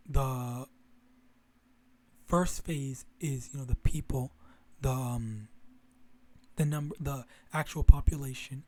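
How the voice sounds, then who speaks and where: A man's voice: mid-range voice, a little mellow. A young man talking casually to his viewers in a rambling way, with many restarts and some swearing. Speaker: religious vlogger. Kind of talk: casual monologue to camera.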